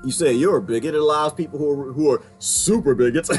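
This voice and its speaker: A man's voice: fairly high pitch, normal speed, faint music behind. A man hosting a casual livestream, talking straight to his chat viewers and laughing often. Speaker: livestream host.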